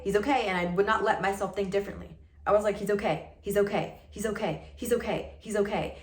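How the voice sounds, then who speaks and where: A woman's voice: lowish voice, roomy sound. A woman in her early twenties telling a personal story to camera in a casual, earnest and emphatic way, full of "like". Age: early 20s. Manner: earnest and emphatic, heavy use of "like". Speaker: vlogger.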